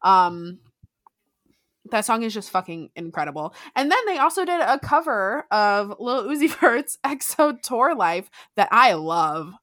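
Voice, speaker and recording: Giggly young woman on a podcast, super bright voice, swings up and down a lot, dry sound. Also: mid-range voice, a little slow, no room sound. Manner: giggly, swears freely, lively. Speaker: podcast co-host. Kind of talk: casual chat.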